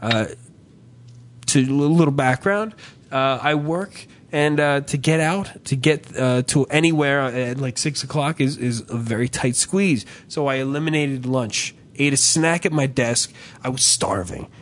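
A young adult man co-hosting a podcast, telling stories in a profane, animated, ranting way. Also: medium pitch, measured pace. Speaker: podcast co-host. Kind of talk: casual comedic chat.

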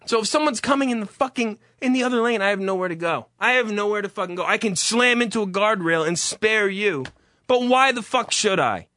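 A man's voice: high voice, animated, brisk, pushed and bright, dry recording. Exasperated man in a profane rant. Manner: exasperated, heavy swearing.

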